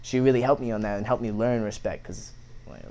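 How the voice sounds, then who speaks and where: A man's voice: on the low side, fairly even intonation, brisk, warm tone. A young man, a podcast guest, telling a story in a casual, profane way with many fillers.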